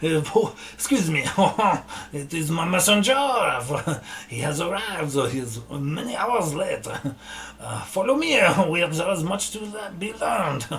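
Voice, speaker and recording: A man's voice: fairly high pitch, sing-song, a little slow, gravelly, pushed and bright, pitched above the performer's own voice, full character voice. A man doing a stiffly formal, giggling host. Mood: amused formal. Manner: stilted formal speech broken by laughs.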